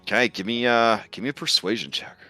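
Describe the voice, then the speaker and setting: A man's voice: mid-range voice, brisk, bright, forceful tone, no room sound, faint music behind. A man narrating a tabletop game as game master, casual and swearing, with many fillers.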